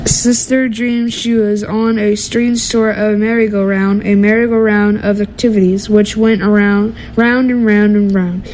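A woman reading a children's storybook aloud in a steady, gentle way, with small slips and restarts. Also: medium pitch, measured pace, few pauses, noisy background.

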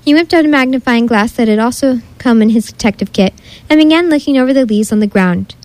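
A woman reads a children's story aloud in a steady, expressive way. Her voice sits a little on the high side. The sound is dry and close to the mic. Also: fast, no echo, rough recording.

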